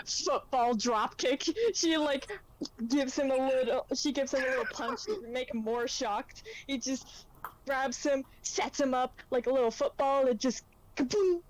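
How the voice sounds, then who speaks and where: A woman playing a tabletop game who is excitable, laughs, and describes her character's moves. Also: high voice, moderate pace, slight background noise, low-quality recording. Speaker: player. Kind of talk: casual tabletop play.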